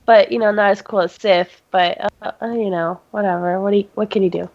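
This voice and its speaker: A teenage girl co-hosting a casual chat, sick and coughing, giggly and halting with lots of restarts. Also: medium pitch, fairly even intonation, a little mellow, dry recording, dull audio. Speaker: podcast co-host.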